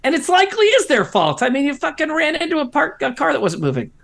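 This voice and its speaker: A man's voice: extremely high pitch, fast talker, vocal fry. A man co-hosting a casual live stream, telling stories with lots of swearing. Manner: animated storytelling with lots of swearing. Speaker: co-host of a live-streamed comedy show. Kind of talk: casual chat.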